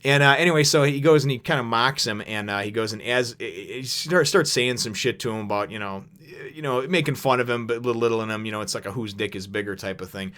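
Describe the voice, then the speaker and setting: A man's voice: medium pitch, quick pace, a bit bright. A man reviewing a comic chapter in a casual, rambling way, full of fillers and offhand swearing. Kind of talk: casual recap and commentary.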